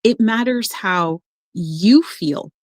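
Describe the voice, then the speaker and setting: A woman who works as an emotional coach, talking in a casual podcast conversation and telling stories with lively acted-out voices. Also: medium pitch, slow, no echo. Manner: animated storyteller, acts out quoted voices.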